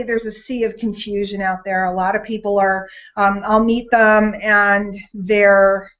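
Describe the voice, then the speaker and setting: A woman's voice: mid-range voice, a bit bright. A woman co-hosting a sales webinar in a gushing, chatty way, laughing often, over an online call. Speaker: webinar co-host. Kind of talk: upbeat sales webinar talk. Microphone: online call mic. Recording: dull lo-fi online call audio.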